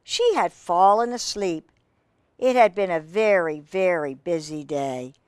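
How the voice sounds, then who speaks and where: A woman's voice: lowish voice, lively intonation, measured pace, clean tone, dry recording. A woman reading a picture book aloud to children, with chatty asides to her young listeners and playful animal sounds. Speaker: children's storyteller.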